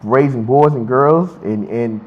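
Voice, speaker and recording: A young man, a university student, speaks in a mid-range voice at an unhurried pace during a casual interview. He sounds heartfelt and emphatic and often repeats his words. The recording is dull and lo-fi, with faint noise.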